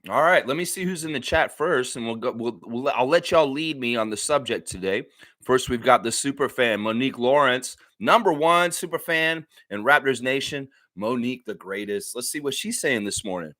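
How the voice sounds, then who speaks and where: A man hosting a casual fan livestream, with an excitable, hyped-up delivery that now and then bursts into loud cheers. His voice sits at an ordinary middle pitch, and the sound is dry and close, with no room echo. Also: moderate pace. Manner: excitable, shouts hype bursts, chewing while talking. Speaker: livestream host.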